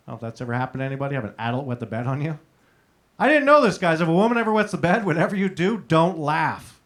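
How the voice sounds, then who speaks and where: A man doing a crude, conversational stand-up comedy set in a comedy showroom, talking straight to the crowd. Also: fairly high pitch. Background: audience laughter.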